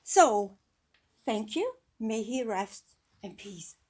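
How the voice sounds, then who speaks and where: Husky woman with an Albanian accent. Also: mid-range voice, big pitch swings, takes it slowly, darkish tone. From Albanian American. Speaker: guest speaker at a memorial event. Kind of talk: heartfelt tribute speech.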